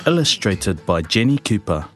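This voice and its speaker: A man reading a children's picture book aloud, with a slow, lively read-aloud manner. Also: on the low side, soft background music. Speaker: storybook reader.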